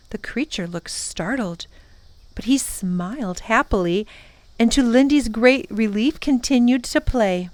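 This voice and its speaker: Slow, gentle storytime reader, a woman. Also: mid-range voice. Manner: gentle, expressive storybook reading. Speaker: children's librarian. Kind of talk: storytime read-aloud.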